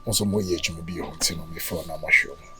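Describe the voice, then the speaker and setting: Fields: a man playing a smooth-talking Ghanaian flirt. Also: a bass voice, steady tone, very fast, a crowd in the background, rough recording. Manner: smooth-talking, reassuring, persistent. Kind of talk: Ghanaian drama acting, mixing Twi and English.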